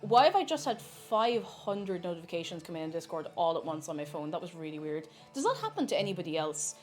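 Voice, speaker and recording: Lively chatty Irish woman streamer. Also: lowish voice, fast talker, soft background music. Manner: chatty, reads chat aloud, laughs often. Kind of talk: casual live-stream chat while baking.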